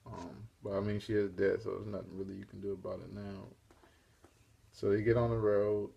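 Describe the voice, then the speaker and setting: A man's voice: lowish voice, level tone, brisk, vocal fry, dark tone, highs cut off, a little hiss or hum. A man casually retelling a comic issue for his own review show, in a rambling, laid-back way. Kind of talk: casual spoken comic recap.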